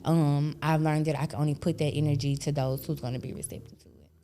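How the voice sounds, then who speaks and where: A woman in her thirties hosting a casual chat, blunt and animated, full of slang and laughter. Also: deep voice, fast talker, slight background noise. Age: 30s. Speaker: podcast host.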